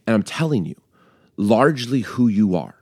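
A man with a very low voice that rises and falls a great deal, co-hosting a podcast in casual chat. He talks earnestly, laughs easily, and slips into a slower reading voice for a poem. The recording is dry and close. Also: breathy edge, dry recording. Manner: animated, laughs often, earnest. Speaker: podcast co-host.

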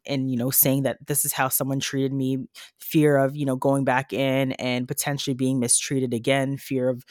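A woman's voice: extremely low pitch, little pitch movement, normal speed, darkish tone, no room sound, studio quality. A woman who works as a nurse, talking earnestly in a podcast conversation, with many fillers and restarts. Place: Canada.

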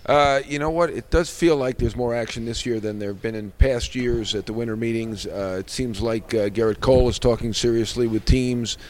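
A man working as a baseball reporter, answering interview questions in a measured way with many filler "uh"s. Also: medium pitch, fairly even intonation, darkish tone, a little hiss or hum.

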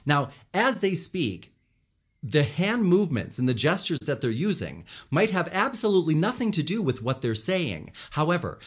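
A man talking as a communication coach, explaining body language and vocal melody and acting out different tones as examples. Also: on the low side. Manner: animated, demonstrates tones and gestures while explaining. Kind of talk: instructional commentary on speaking.

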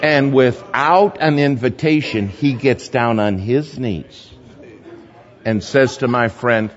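A man preaching a sermon, telling a story animatedly, shifting between loud and hushed. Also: mid-range voice, slow. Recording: muffled hall recording with long reverb.

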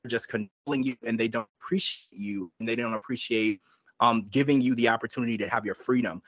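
A man hosting a podcast, chatting casually and giving his opinions while quoting people in quick asides. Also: medium pitch, fairly even intonation, a bit bright, dry recording. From United States. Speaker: podcast host. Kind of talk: casual recap chat.

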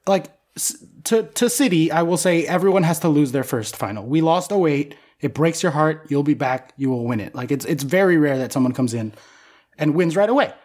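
Young male co-host, slightly high, loose and excitable, swears in casual chat. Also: fairly quick. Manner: excited, swears freely, rambling fan talk. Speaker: podcast co-host.

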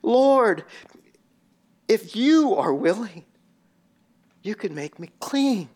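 A man acting out a dying leprous man who begs on his knees in a quiet, raspy plea. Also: high voice, very animated, very slow, full character voice. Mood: pleading.

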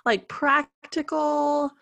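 A woman's voice: high voice, fairly even intonation, very slow, vocal fry, fairly bright tone, no echo. Chatty woman, allergy-stuffed. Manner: chatty, bubbly, says "like" often. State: congested from allergies. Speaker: podcast co-host. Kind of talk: casual podcast chat.

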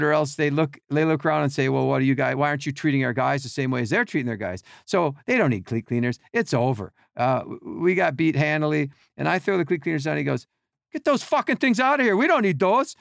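A middle-aged man, a podcast guest, telling animated behind-the-scenes stories and acting out quotes and sounds. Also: on the high side, fast, creaky, hardly any pauses, dry recording, studio quality. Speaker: podcast guest, team equipment worker. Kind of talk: casual storytelling.

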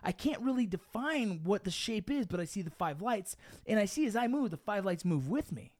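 A man's voice: high-pitched, normal speed, dry recording, studio quality. A young man telling a story in a casual podcast chat, swearing often and calling the listener dude and bro. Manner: profane, animated, says dude and bro.

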